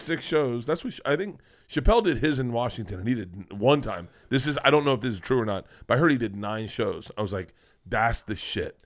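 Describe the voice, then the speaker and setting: A man, a guest comedian, chatting casually on a podcast, rambling and swearing as he lays out plans. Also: mid-range voice. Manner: loose, profane, rambling storytelling.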